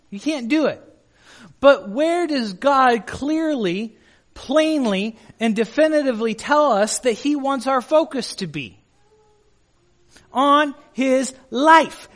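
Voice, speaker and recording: A man's voice: very high voice, a bit bright. A male pastor preaching a sermon in an emphatic way, putting questions to the congregation.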